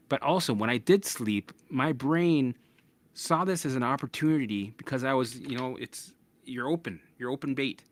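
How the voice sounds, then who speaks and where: Male podcast host, mid-pitched, candid and profane, dry close sound, keeps restarting and checking in with "right?". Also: no room sound. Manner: blunt and profane, acts out his own past thoughts; restless, with frequent restarts and "right?" asides. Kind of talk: candid personal storytelling.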